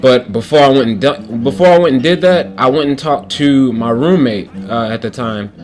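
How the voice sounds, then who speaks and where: Young man, casual storytelling, lots of fillers, mid-pitched, faint guitar behind. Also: normal speed, a little mellow. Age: young adult. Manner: loose and rambling, lots of fillers and restarts. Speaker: gaming commentator. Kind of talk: casual storytelling over gameplay. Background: faint guitar playing.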